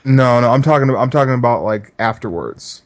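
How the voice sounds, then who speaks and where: A man's voice: mid-range voice, lively intonation, fast. A man co-hosting a casual podcast, rambling in a laid-back way and laughing often. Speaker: podcast co-host. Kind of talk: casual profane chat.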